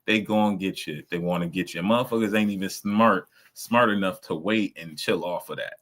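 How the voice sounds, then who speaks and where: A man's voice: low-pitched, normal speed, a bit bright. A man, reacting to videos on a stream. He talks in a blunt, casual way, profane and mocking. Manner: blunt, profane, mocking, acts out quoted voices.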